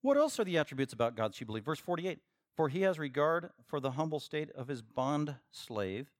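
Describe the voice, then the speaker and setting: A man preaching a verse-by-verse sermon as pastor, shifting from quiet teaching to loud, emphatic bursts. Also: sing-song, a little fast, no echo, clean studio sound. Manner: acts out imagined listeners in a higher voice. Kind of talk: expository sermon.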